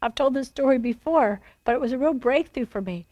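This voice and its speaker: A woman preaching a sermon, telling stories in an animated, emphatic way and acting out dialogue. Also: sits high, fairly quick, no echo, dull audio.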